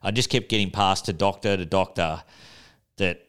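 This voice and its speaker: A man's voice: low-pitched, moderate pace, fairly bright tone, smooth. A young Australian man telling a story on a podcast in a laid-back, casual way, swearing freely. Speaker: podcast co-host. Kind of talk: casual chat.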